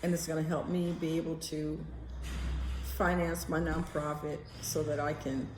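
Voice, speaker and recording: A woman's voice: low voice, normal speed, background noise. Chatty woman in an echoey room. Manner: animated, chatty, swears casually. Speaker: vlogger. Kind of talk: casual chat to camera.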